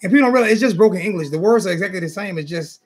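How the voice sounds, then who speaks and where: A quick, high-pitched man hosts a loose, joking sports chat, looping back over his own phrases. His voice has a husky edge. Faint music plays behind him. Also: animated. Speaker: host. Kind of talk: casual call-in chat.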